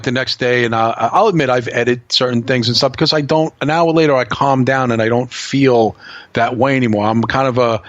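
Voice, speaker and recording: A man's voice: mid-range voice, dry recording. Blunt male podcast guest, plain dry dull-sounding audio, swears freely. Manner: blunt, swearing, tells stories. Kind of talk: casual podcast chat.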